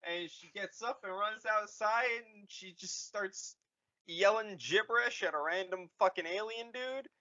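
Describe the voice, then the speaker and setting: Slow, bright-voiced man recapping a film. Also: high voice, lo-fi sound. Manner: rambling, halting, full of fillers and quick mock voices. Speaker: podcast co-host retelling a film. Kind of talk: casual comedic recap.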